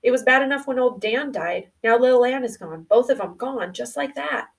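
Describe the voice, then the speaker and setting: A woman's voice: fairly high pitch, lively intonation, normal speed, creaky, far from the mic, voice pushed up. A woman voicing a grieving young farm boy, pleading in a raised, strained voice. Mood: anguished.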